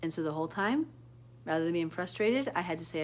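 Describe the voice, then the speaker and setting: Casual woman host, lowish voice, chatty and rambling, talks straight to viewers. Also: brisk. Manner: animated storytelling with sudden pitch jumps. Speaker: Bible teacher hosting a live stream. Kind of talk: casual live-stream chat.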